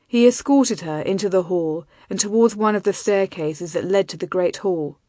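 A woman reading a romance novel aloud in a soft, intimate, measured way. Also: medium pitch, dry recording, clean studio sound. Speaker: audiobook narrator. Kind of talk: scripted romance narration.

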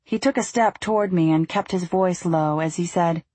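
Husky woman narrating an audiobook. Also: on the low side, normal speed, few pauses, a little mellow, no echo. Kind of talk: first-person audiobook narration.

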